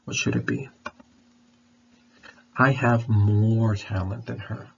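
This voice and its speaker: A man's voice: fairly low pitch, steady tone, slow, gravelly, a little hiss or hum. A man teaching an online English lesson, talking patiently and repeating his questions, with a throat candy in his mouth. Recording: dull lo-fi recording.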